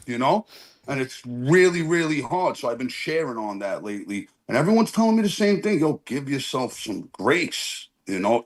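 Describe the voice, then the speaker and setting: A man sharing at a recovery meeting over his phone on a video call, earnest and rambling, apologizing for his swearing. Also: medium pitch. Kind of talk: casual heartfelt share.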